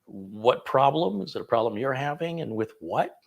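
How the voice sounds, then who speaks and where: A man with a medium-pitched, animated voice and some vocal fry speaks at a moderate pace. He's a tech channel host running a casual live Q&A about computers, answering viewer questions in a chatty, digressive way and amusing himself as he goes.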